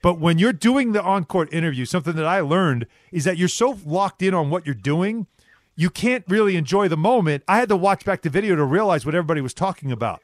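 A man's voice: high-pitched, expressive, fast talker, dry recording, clean studio sound. A man hosting a sports radio show, talking casually and repeating himself as he builds his points. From New York.

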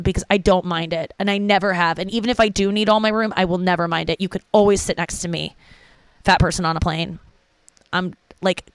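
A woman's voice: medium pitch, steady tone, fairly quick, fairly bright tone, clear, resonant tone, dry recording. A young adult woman, a stand-up comedian, hosting a casual solo podcast in a rambling, profane, self-interrupting way.

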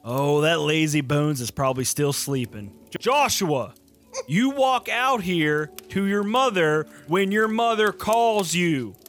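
A man's voice: a little high, takes it slowly, a bit bright, faint music behind. A man playing a boastful, bossy businessman stepfather in an improvised comedy scene, blustery and swearing. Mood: blustering.

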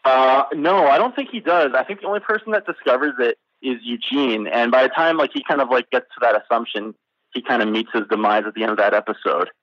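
A man's voice: mid-range voice, fast talker, no room sound. A man calling in to a trivia quiz, thinking aloud and hesitating with fillers as he answers. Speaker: caller playing a trivia quiz. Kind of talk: casual quiz answers over the phone. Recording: dull lo-fi phone line.

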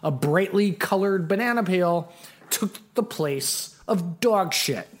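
With a high-sitting, expressive voice and a slow pace, a man co-hosting a podcast rambles through a story. The chat is casual, filled with fillers and frequent restarts.

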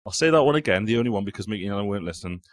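Low-voiced man running a pub-style quiz. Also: lively intonation, racing, no room sound. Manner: banter, swearing, reading quotes aloud. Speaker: quizmaster. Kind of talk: casual podcast quiz. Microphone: studio mic.

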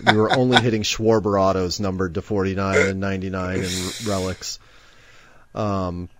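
A man's voice: low voice, level tone, moderate pace, noisy background. A man co-hosting a live sports card show, chatty and joking as he runs viewer giveaways. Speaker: co-host running giveaways. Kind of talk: casual live-stream chat.

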